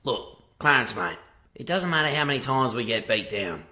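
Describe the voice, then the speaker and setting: A man talking loudly and excitedly, swearing constantly, in casual banter. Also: mid-range voice, normal speed, far from the mic, over loud music. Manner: loud, excited, heavily profane. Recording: loud vehicle noise behind.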